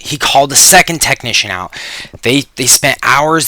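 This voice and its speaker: A man presents a sales webinar, spinning dramatic stories and pushing hard for listeners to buy now. His medium-pitched voice is pushed and bright at a normal speed, emphatic and pushy, with no room sound in the recording.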